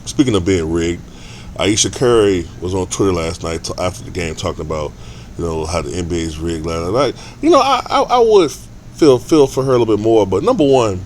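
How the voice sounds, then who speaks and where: A man's voice: deep voice, very animated, brisk, a little hiss or hum. A man ranting casually in a vlog, profane and rambling, with stammered restarts. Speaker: sports vlogger.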